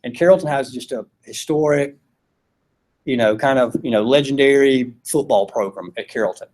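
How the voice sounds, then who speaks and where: A man with a darkish, medium-pitched voice and a Georgia Southern accent lectures his philosophy class at a moderate pace. He speaks conversationally, frequently checking in with "right?"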